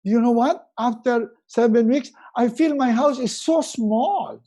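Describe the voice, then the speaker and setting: Animated motivational coach, warm voice. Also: male voice, very high voice, measured pace. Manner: animated, acts out quoted scenes in a raised voice. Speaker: resiliency coach. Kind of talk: live motivational webinar talk.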